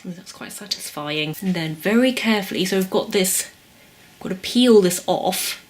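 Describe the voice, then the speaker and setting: A woman's voice: medium pitch, lively intonation, normal speed. A young woman chatting through a casual taste-test vlog, describing the food as she eats it. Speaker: food vlogger.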